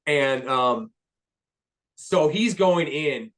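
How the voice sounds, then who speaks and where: A man co-hosting a casual sports podcast, excitable and rambling, often restarting his sentences and swearing. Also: fairly high pitch, extremely slow. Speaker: podcast co-host.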